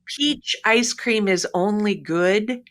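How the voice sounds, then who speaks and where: A middle-aged woman talks with a bright, forward tone as a guest on a podcast. She tells stories in an animated way and slips into little voices for the people in them. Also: mid-range voice, slow. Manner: acts out both sides of a joke with lively voices. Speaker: pharmacy professor, podcast guest. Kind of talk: casual interview, animated joke telling.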